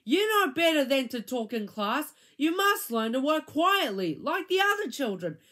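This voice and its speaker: A strict schoolteacher, played by a woman reading aloud, stern and scolding. Her voice lifts high and firm in a lively storybook way. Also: normal speed.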